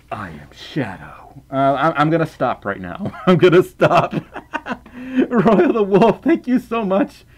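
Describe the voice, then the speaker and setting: A man with a softened Southern US accent, reading donations on a live stream in casual chat, rambling, stammering over repeated words, and laughing often. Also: high voice, expressive, unhurried. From Southern United States.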